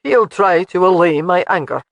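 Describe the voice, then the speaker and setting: A narrator voicing a stern Highland laird in an audiobook, terse and commanding. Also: male voice, animated, moderate pace, creaky, fairly bright tone, dry recording, heavily acted. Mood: curt. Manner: terse, clipped. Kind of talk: audiobook character voice.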